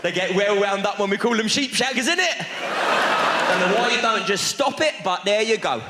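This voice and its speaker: Man, stand-up comic, high lively voice, cheeky banter, loud crowd, long theatre reverb. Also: normal speed. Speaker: stand-up comedian. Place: large theatre stage. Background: loud audience laughter and noise.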